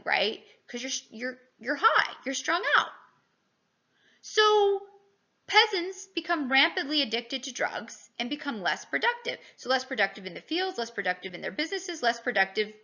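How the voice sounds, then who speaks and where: Animated woman teaching history, lo-fi. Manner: animated, rhetorical questions, dramatic pitch jumps. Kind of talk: recorded lecture.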